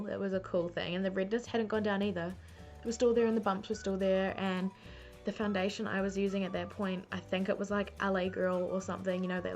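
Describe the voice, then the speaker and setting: Chatty young kiwi woman vlogging, self-mocking, soft music behind. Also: mid-range voice, creaky. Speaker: beauty vlogger. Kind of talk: casual storytelling to camera. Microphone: camera mic.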